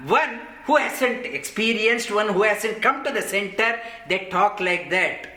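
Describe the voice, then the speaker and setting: A man's voice: sits high, measured pace, hardly any pauses, bright, forceful tone. A man teaching a scripture class, explaining verses in an earnest, repetitive way. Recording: roomy echo.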